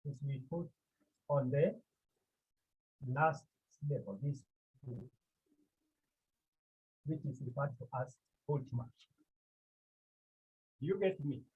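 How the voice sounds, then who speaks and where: A man from Cameroon teaching a Greek class. He talks slowly and deliberately, repeats the key terms and asks the class questions. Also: medium pitch, breathy edge. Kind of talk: classroom lecture. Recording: muffled phone-like classroom recording.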